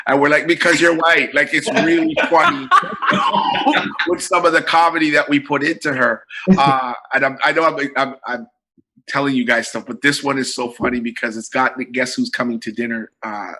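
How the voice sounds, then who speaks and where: A middle-aged man from Canada chats as a podcast guest, telling comic stories with lots of energy and laughter. His voice is bright and a bit husky. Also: mid-range voice, normal speed, poor audio. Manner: animated storytelling, laughing often. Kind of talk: casual interview chat.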